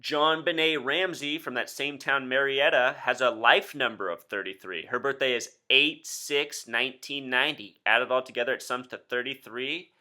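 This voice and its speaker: A man in his thirties with a bright, forceful voice talks straight to his viewers. He is insistent and keeps throwing rhetorical questions at them, in the manner of a solo commentary video. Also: medium pitch, normal speed, few pauses. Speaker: video host.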